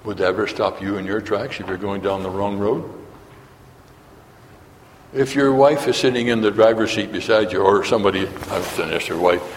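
A man's voice: on the low side, moderate pace, slight background noise. A man preaching a sermon, asking his listeners questions and acting out quotes as he goes. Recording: long hall reverb.

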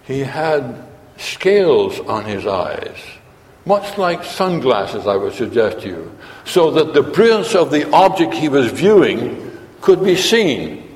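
A man's voice: mid-range voice, very animated, takes it slowly, darkish tone. A man preaching a sermon, asking his listeners questions and acting out quotes as he goes. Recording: long hall reverb.

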